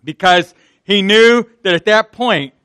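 A Pittsburgh-accented man preaches a sermon in a folksy, conversational way. His voice sits high and bright. The sound is close and dry. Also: measured pace, smooth, no echo. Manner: conversational, folksy, acts out quotes. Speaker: pastor.

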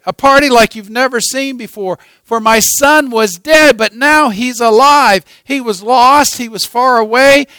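A man preaching a sermon, voicing an overjoyed older father who calls out orders loudly to his workers. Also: very high voice, clean tone, dry recording, pitched above the performer's own voice, exaggerated voice. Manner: exuberant, commanding, loud.

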